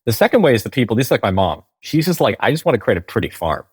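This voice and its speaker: A man's voice: mid-range voice, big pitch swings, rapid-fire, darkish tone, slightly rough, no room sound. A man, a game company founder, explaining in a conversational interview, tagging points with "right?" and restarting sentences.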